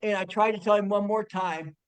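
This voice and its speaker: A man telling a personal story among family and friends, animated and laughing, with stumbling restarts and bursts of shouting. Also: sits high, a little fast, smooth. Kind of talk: casual storytelling.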